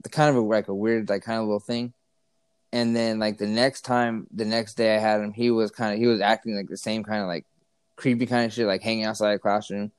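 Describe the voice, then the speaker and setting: A man's voice: lowish voice, a little mellow, clean tone, dry recording. Rambling young man telling a story. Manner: rambling, lots of fillers and restarts, teasing. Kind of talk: casual storytelling banter.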